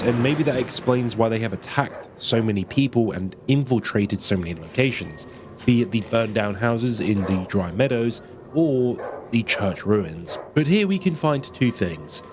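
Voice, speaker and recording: A man's voice: medium pitch, lively intonation, moderate pace, background noise. A man, commenting casually and profanely on a horror game's story as a video host. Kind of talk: game lore commentary.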